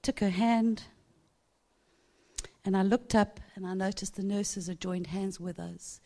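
A woman's voice: mid-range voice, steady tone, a little slow, dark tone. A woman preaching a sermon, telling a personal story animatedly and laughing often.

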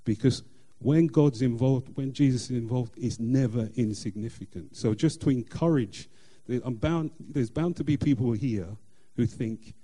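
A middle-aged man tells a faith testimony in a very dark, mellow voice. He speaks earnestly, pausing and restarting often as he goes. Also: medium pitch. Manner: earnest, halting with frequent fillers and restarts. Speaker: church member sharing testimony. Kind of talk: personal testimony.

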